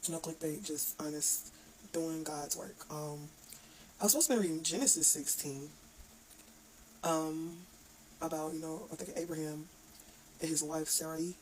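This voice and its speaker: A woman's voice: sits low, fairly even intonation, slight background noise, low-quality recording. A woman giving an earnest, informal devotional talk, with restarts and stumbles over her words. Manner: reads scripture aloud haltingly. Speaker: online devotional speaker.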